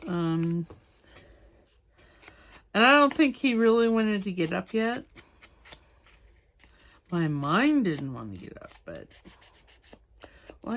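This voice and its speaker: This crafting vlog features a Southern US woman with a lowish voice and slight background noise. She works on her project while chatting casually to viewers and now and then to her dog.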